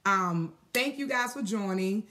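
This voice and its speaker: A woman's voice: medium pitch, animated, a little slow, pushed and bright. A woman hosting a casual live stream, chatty and laughing, with lots of fillers. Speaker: host.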